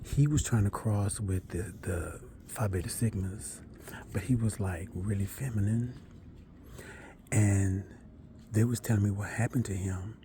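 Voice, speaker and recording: A man telling a long, rambling personal story in a chatty way, with asides and self-corrections, sometimes dropping to a hush. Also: lowish voice, a little slow, background noise.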